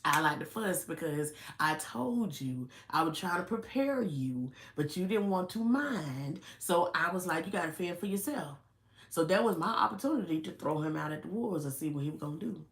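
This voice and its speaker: A middle-aged woman telling a story to her viewers in an animated, chatty way, calling them "y'all" and "honey". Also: lowish voice, normal speed, echoey room. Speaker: vlogger. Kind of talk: casual storytelling to camera.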